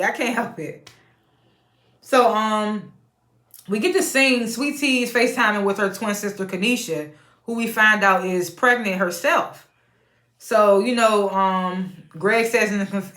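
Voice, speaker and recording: A woman's voice: mid-range voice, fairly bright tone, reverberant. A woman casually recapping a reality show episode, chatty, laughing often and retelling scenes in quoted voices.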